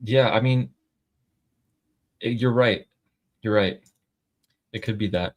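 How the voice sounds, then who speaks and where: A man's voice: lowish voice, takes it slowly. A man co-hosting a casual livestream, reading out news updates and reacting to them. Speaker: political commentary co-host.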